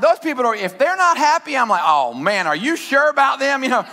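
Bright, lively man preaching a sermon. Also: high-pitched, fast talker, hardly any pauses. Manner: animated storytelling with shouted asides and scripture reading. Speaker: pastor. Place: church stage.

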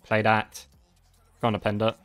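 A young man giving live commentary over a football video game, swearing and reacting loudly. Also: fairly low pitch, moderate pace, soft background music. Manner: excitable, swears often, shouts at big moments. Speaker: gaming video creator.

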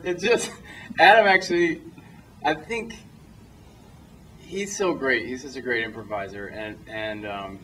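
Recorded from a distance in poor audio with slight background noise, a young man answers questions at a screening Q&A for his film in a cinema auditorium with a small audience. His mid-range voice is a bit bright and measured, with frequent pauses. He rambles, tells loose anecdotes, interrupts and restarts himself, and laughs often.

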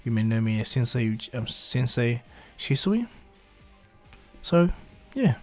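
Man playing a laid-back young ninja sensei, steady, reassuring, mid-pitched, faint music behind. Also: unhurried. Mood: friendly. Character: calm young male ninja teacher.

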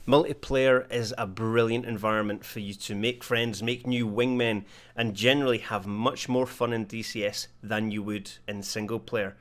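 A man's voice: lowish voice, steady tone, normal speed. A man giving blunt, direct instructional tips for a flight simulator. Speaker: flight sim YouTuber. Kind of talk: instructional rules narration.

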